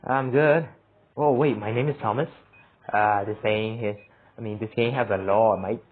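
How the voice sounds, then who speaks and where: A man's voice: fairly low pitch, moderate pace. A man commentating his own horror game play, talking to himself, laughing and yelping when startled. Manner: excitable, yelps and laughs at scares, talks to himself. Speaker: gamer playing a horror game. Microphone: phone mic. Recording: tinny phone-like sound.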